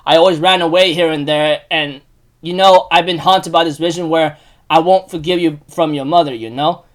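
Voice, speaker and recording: A man's voice: fairly high pitch, moderate pace. A man recapping an anime episode in a casual, rambling way, with many fillers and restarts and sudden emotional outbursts. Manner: bursts into loud excited outbursts.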